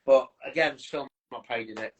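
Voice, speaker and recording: A man's voice: medium pitch, normal speed, low-quality recording. A man co-hosting a podcast, chatting enthusiastically with trailing restarts. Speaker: podcast co-host. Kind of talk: casual chat.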